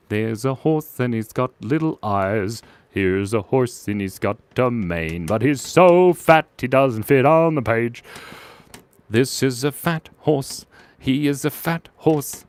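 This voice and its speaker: A man's voice: medium pitch, lively intonation, takes it slowly, darkish tone, smooth. A man hosting a live drawing stream for kids, talking in a playful, silly, chatty way as he draws. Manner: playful, silly and chatty, with giggles and little voices. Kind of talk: casual live drawing commentary.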